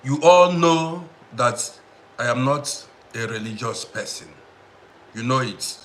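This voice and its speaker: A man's voice: medium pitch, lively intonation, takes it slowly. A man hosting a casual live stream, greeting viewers by name and repeating himself as he talks to the audience. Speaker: livestream host.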